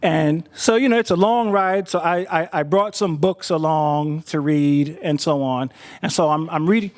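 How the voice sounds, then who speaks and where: A man telling a personal story in an easy, conversational way, often repeating a word as he gathers his thoughts. His voice sits high for a man. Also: moderate pace. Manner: conversational, repeats words while thinking.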